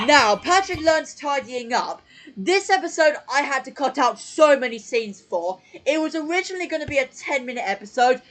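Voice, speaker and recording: In a low-quality recording, a male host with a very high-pitched, fairly bright voice rambles through a casual home live stream on his desk mic. He fills his talk with fillers and keeps correcting himself as channel host.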